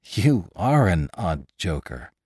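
A man's voice: mid-range voice, sing-song, normal speed, a little mellow, dry recording, clean studio sound, voice pushed up, lightly acted. A man doing a polite, bewildered young attendant. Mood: puzzled. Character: healthy, puzzled young male attendant.

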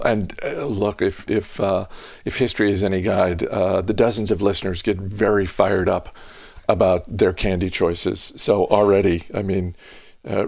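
A man's voice: lowish voice, creaky, a little mellow, dry recording, studio quality. A man hosting a casual podcast chat, musing aloud with lots of hesitant restarts. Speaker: podcast host.

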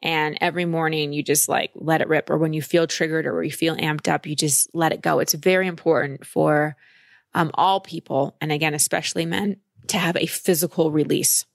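A woman's voice: low voice, fairly even intonation, fairly quick, vocal fry, no echo, studio quality. A woman giving a caller direct, emphatic emotional coaching in a conversation. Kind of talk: advice conversation.

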